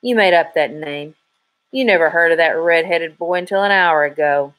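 A woman voicing a gruff, hot-tempered male crook who growls his threats. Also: on the low side, normal speed, a bit bright, close to an everyday voice.

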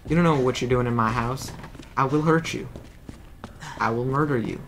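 A man voicing a hulking, menacing male bioweapon stalker, slow and profane in his threats. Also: medium pitch, a bit bright, slight background noise, close to an everyday voice.

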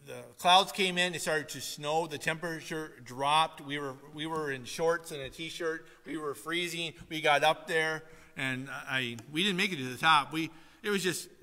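A male pastor preaching an animated sermon, telling stories and breaking into loud, emphatic calls to his congregation. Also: a little high, normal speed, long reverb tail. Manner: animated storytelling with sudden loud emphatic exhortations. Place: church sanctuary.

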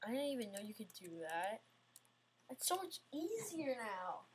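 A woman's voice: on the high side, very animated, moderate pace, husky. A woman giving casual, self-mocking gameplay commentary, getting frustrated and talking back at the game. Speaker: gamer playing an obstacle course game.

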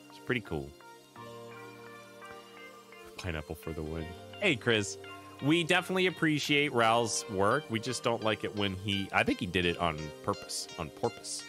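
Male streamer host, deep-ish and very animated, friendly chat with viewers. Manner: chatty, greets chat viewers by name; friendly, thanks viewers often. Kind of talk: casual live-stream chat.

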